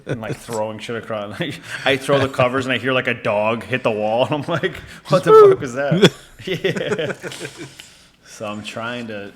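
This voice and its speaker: A man's voice: mid-range voice, moderate pace, a bit bright, a little hiss or hum. A man co-hosting a podcast in casual chat, laid-back, swearing and laughing often. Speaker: podcast co-host.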